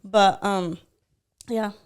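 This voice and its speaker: A woman's voice: medium pitch, fairly even intonation, drawn-out words, smooth. A woman with a Puerto Rican accent, co-hosting a casual podcast chat, laughing often and talking with lots of fillers. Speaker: podcast co-host.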